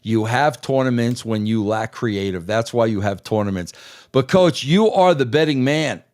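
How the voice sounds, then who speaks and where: A man's voice: medium pitch, animated, moderate pace, a little mellow. A man co-hosting a casual wrestling talk show, emphatic and prone to repeating phrases for effect. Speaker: podcast co-host, former wrestling writer.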